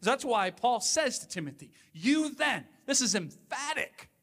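A man's voice: very high voice, sing-song, normal speed, fairly bright tone, big-room sound. A male pastor preaching a sermon in a conversational, emphatic way, full of asides to the congregation.

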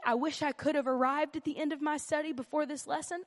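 A woman's voice: high-pitched, fairly even intonation, quick pace, big-room sound. A woman teaching a church Bible lesson, earnest and emphatic, who repeats key phrases and drops in humorous asides. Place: church meeting room.

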